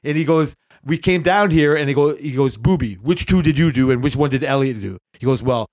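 Speaking a little fast in a mid-range voice, a man co-hosting a podcast recounts something that happened at work. The retelling is profane and lively, full of swearing, with him voicing his coworkers' lines.

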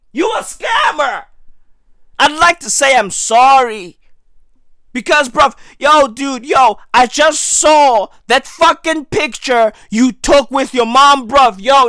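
A man delivering a profane comedic rant to camera, slangy and repetitive, with sudden loud outbursts. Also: very high-pitched, no echo, studio quality. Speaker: comedic ranter.

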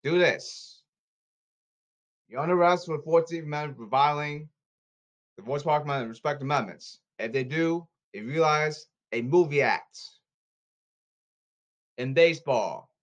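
His voice sits on the high side and moves a little slowly, with long gaps between lines. The man vents at the camera in a repetitive, angry tirade punctuated by emphatic outbursts.

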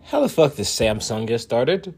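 A man's voice: mid-range voice, sing-song, moderate pace, creaky, a little mellow, husky. A man ranting casually for laughs, boastful and profane, laughing often. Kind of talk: casual comedic rant.

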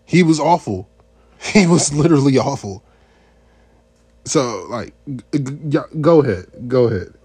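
A man co-hosting a casual sports podcast, who laughs often and exclaims loudly. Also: mid-range voice, animated, a little slow, long pauses, breathy edge, no echo. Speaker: podcast co-host.

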